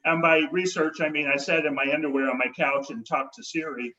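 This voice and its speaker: A man hosts a comedy night and tells his own jokes in a wry, halting way. His voice sits a little high. He comes through a video call, and the sound is dull and lo-fi. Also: fairly even intonation, sharp tone. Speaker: comedy show host.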